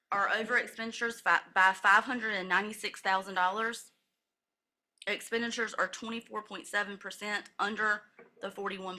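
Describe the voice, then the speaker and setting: Bright-voiced woman methodically reading budget figures. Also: medium pitch. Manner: methodical, steady recital of figures with brief self-corrections. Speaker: county finance officer. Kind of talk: reading a financial report at a public meeting. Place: county commissioners' meeting room.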